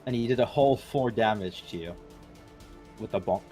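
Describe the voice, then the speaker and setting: A man's voice: fairly low pitch, normal speed, warm tone, faint music behind. A man narrating as game master of a tabletop game, casual and profane, with frequent "uh" fillers.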